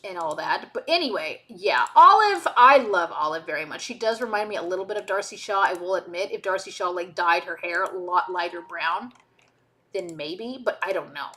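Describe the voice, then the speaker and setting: A woman's voice: lowish voice, lively intonation, normal speed, sharp tone. A woman streaming while she edits, chatting casually in a rambling way with frequent self-interrupting asides. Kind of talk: casual chat while video editing.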